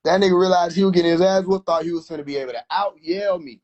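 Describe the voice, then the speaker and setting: A man's voice: sits high, steady tone, fast, darkish tone, muffled recording. A man hosting a live stream, boisterous and mocking in a casual rant, laughing often. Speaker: livestream host.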